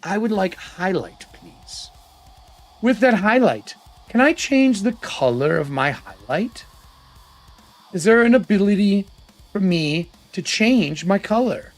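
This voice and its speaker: Male streamer, high and lively voice, excitable off-the-cuff chat with a soft guitar track behind. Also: measured pace. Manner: excitable, thinking aloud, swears casually. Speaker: livestream host. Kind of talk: casual live-stream chat.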